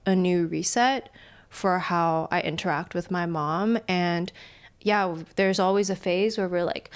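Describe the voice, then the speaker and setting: A woman's voice: mid-range voice, steady tone, moderate pace, smooth. A woman guest on a podcast, talking casually and reflectively, laughing often and speeding up when she retells a story. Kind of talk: casual chat.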